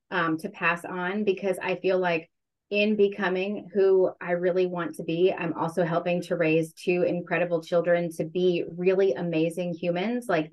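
A woman in a relaxed interview, opening up candidly about her life. Her voice sits on the lower side, and she leans on words and draws them out when something matters to her. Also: rough recording. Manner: candid, reflective, drawn-out emphasis. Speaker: interview guest. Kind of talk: casual interview chat.

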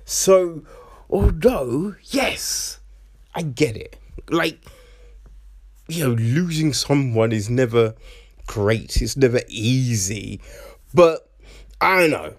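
A film reviewer with a mid-range, expressive voice talks slowly through a movie, leaving long pauses. He's chatty, keeps tacking "right?" onto his points, and slips into mocking voices.

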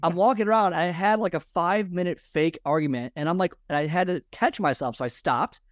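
This podcast guest, a fitness and lifestyle mentor, talks a little fast in a high-pitched voice, recorded at studio quality with no room sound. Sitting in a space crammed with personal stuff, he gives advice in a rambling way, repeating himself and starting sentences over.

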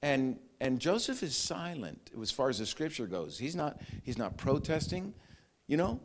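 A middle-aged man preaching a sermon, acting out voices and quotes, shifting from loud commands to near whispers. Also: mid-range voice, unhurried, long pauses. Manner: animated preaching, acts out quotes, growls and laughs. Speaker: pastor.

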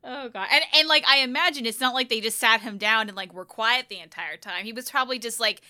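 A woman co-hosting a casual gaming talk show, expressive and laughing as she mock-quotes people. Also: fairly high pitch, quick pace. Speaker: podcast co-host. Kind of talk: casual chat.

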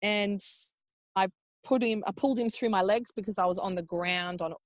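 An Australian woman in her thirties telling her own birth story in casual, animated talk, acting out what people said and swearing freely. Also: medium pitch, moderate pace, no room sound. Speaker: podcast guest.

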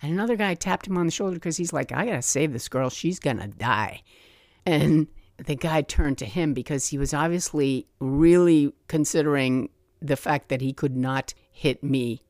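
A woman hosting her own podcast, telling a personal story in a lively way and acting out the voices she remembers. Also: rumbling low, no room sound, studio quality. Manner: animated, acts out remembered voices. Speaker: podcast host.

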